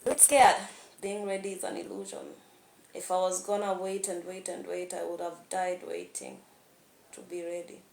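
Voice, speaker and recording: A woman's voice: on the low side, monotone, moderate pace, gravelly, dark tone, slight background noise. A young woman talking candidly in a rambling vlog monologue, laughing often. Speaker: vlogger. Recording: echoey room.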